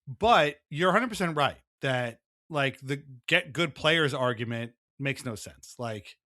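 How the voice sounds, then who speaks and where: A man co-hosting a casual sports podcast, talking in an animated way with quick asides and frequent laughs. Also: medium pitch, dry recording, studio quality. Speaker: podcast co-host.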